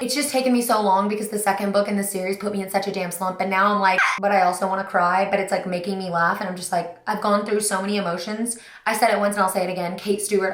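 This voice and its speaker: A woman's voice: mid-range voice, a bit bright. A chatty young woman talks straight to her viewers in a casual reading vlog, dramatic and self-mocking as she gushes. Her voice sits mid-range for a woman. The room around her is echoey and reflective. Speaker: book vlogger.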